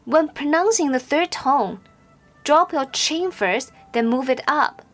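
Slow, high-voiced woman teaching pronunciation. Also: expressive, fairly bright tone, faint music behind. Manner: slow, careful, clearly enunciated with drawn-out example syllables. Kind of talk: scripted instructional narration.

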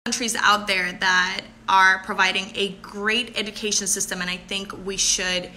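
A woman's voice: mid-range voice, flat delivery, sharp tone. A woman, a pageant contestant chatting effusively with viewers on a live stream. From Puerto Rico. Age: 20s. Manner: bubbly and effusive, quick to thank and laugh.

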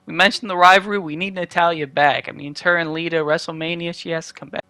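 A young man casually recapping a wrestling video game in quick play-by-play with dry asides. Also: a little high, fairly even intonation, bright, forceful tone, clean tone, no echo. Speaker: gaming channel host.

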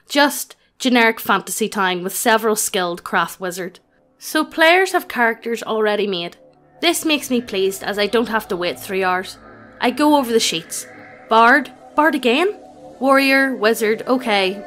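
A woman's voice: a little high, moderate pace. A synthetic woman's voice reading out a tabletop gaming story as scripted narration, evenly and without fillers. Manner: even text-to-speech reading without fillers. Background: faint background music.

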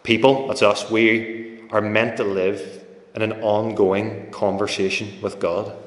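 A man delivers a sermon in a relaxed, conversational way, slipping into stories and acting out quoted voices. His voice sits low, and the church hall around him rings with a long, roomy echo. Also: takes it slowly. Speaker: preacher. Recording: echoey hall with long reverb.

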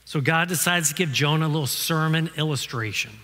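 A man's voice: fairly high pitch, fairly quick, pushed and bright, long reverb tail. A male pastor preaching a sermon, retelling the story in a casual storytelling way with everyday comparisons. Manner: casual storytelling with modern analogies.

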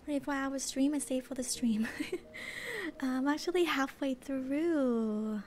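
A female livestreamer chatting in whispered role-play, soft and bubbly, at home at night. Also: high voice, animated, slow, a little hiss or hum.

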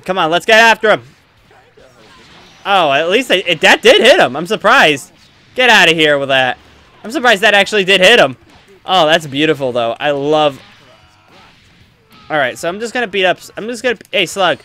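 A man giving let's play commentary, excitable and rambling, trash-talking his opponents as he plays. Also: high voice, normal speed, pauses often, soft background music. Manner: excitable, trash-talks opponents while playing; rambling with many fillers. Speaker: gaming channel host.

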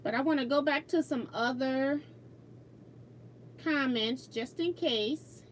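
A woman's voice: sits high, slow, a little hiss or hum. A woman hosting a casual quilting livestream from her sewing room, laughing often and reading viewer comments aloud as she works.

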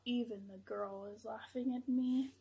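A woman's voice: on the high side, fairly even intonation, unhurried, vocal fry, background noise. A woman doing a touchy little hedgehog. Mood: hurt.

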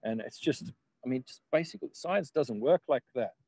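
A man's voice: mid-range voice, animated, moderate pace, vocal fry, a little mellow, slightly rough, poor audio. A man, a guest in casual conversation, rambling with laughs and the odd swear word.

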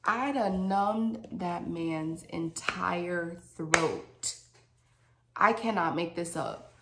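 A woman's voice: lowish voice, drawn-out words, creaky, very noisy. A woman dental hygienist telling a dramatic storytime to viewers in a casual, slangy way, talking straight to them. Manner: animated, dramatic, slangy, addresses viewers directly.

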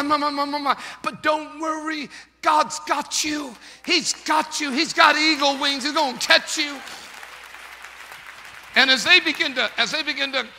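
Male pastor, sermon, high voice, storytelling then shouting, long church echo. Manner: storytelling preacher who builds to shouting. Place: church sanctuary. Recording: long reverb of a large church.

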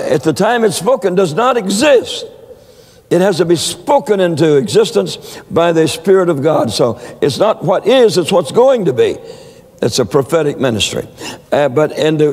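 A man's voice: a little high, a little mellow, slightly rough, in a large hall. A man preaching a sermon, telling stories with many stammered repeats. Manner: storytelling with frequent stammered repeats.

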